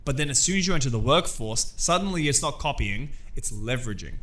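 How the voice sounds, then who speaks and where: A young man co-hosting a podcast, telling rambling stories with swearing. His pitch moves in a lively way and his tone is bright. He laughs easily. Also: a little fast. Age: young adult. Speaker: podcast co-host. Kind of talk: crude casual banter.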